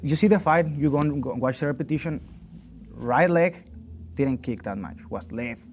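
A man's voice: mid-range voice, moderate pace. A young man from Mexico with a Mexican Spanish accent, talking casually and profanely in an interview, acting out quotes. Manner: profane, animated, acts out quotes. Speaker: fighter. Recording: faint background noise.

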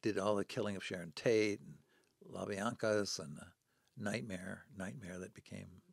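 A low-voiced man in his seventies, with vocal fry, fairly even intonation, and a slightly rough texture, tells stories at normal speed as a podcast guest. He dramatically acts out each person he quotes. There is no room sound.

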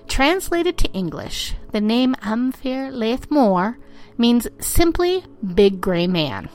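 A woman's voice: fairly high pitch, big pitch swings, slow pace, darkish tone, soft background music. A woman hosting a spooky storytelling podcast in a playful, theatrical way, dropping into whispers and laughing at herself. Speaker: podcast host.

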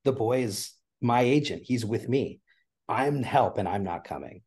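A man's voice: medium pitch, animated, a little slow, a little mellow, husky. A man guest on a podcast, talking earnestly and emotionally about theater, getting choked up as he tells a story. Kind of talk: conversational interview.

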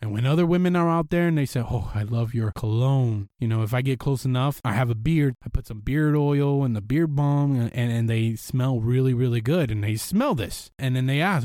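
A man hosting a podcast, giving blunt, animated dating advice in a casual monologue and swearing freely. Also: mid-range voice, moderate pace, few pauses, no room sound, studio quality. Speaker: podcast host.

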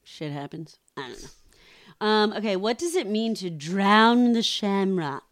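A woman's voice: medium pitch, very animated, measured pace, no room sound, studio quality. A woman co-hosting a casual podcast, running trivia questions and laughing often between remarks. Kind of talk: casual chat.

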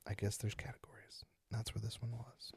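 A man's voice: on the low side, level tone, a little fast, gravelly, husky, no room sound, in a whisper. A man hosting a casual podcast, joking around and reading spooky stories aloud with dramatic emphasis. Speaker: podcast host.

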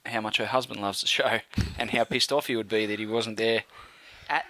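A man's voice: lowish voice, fairly even intonation, normal speed, pushed and bright, no room sound. A man with an Australian accent co-hosting a podcast, with a dry, sardonic humour and casual swearing. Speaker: podcast co-host. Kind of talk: casual chat.

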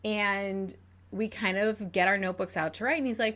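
A woman's voice: mid-range voice, fairly even intonation, normal speed, fairly bright tone. A woman co-hosting a casual podcast, telling dating stories animatedly, giggling often and full of fillers. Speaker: podcast co-host.

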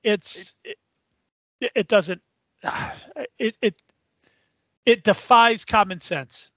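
A middle-aged man co-hosting a casual sports podcast, talking in a measured, thoughtful way. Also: high voice, bright, forceful tone, dry recording. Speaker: podcast co-host.

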